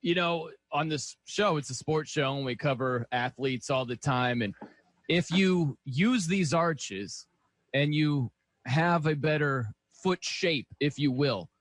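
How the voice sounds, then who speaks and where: A man's voice: fairly high pitch, a bit bright, dry recording. A man hosting a sports radio show, asking questions casually and joking about himself. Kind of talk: radio interview.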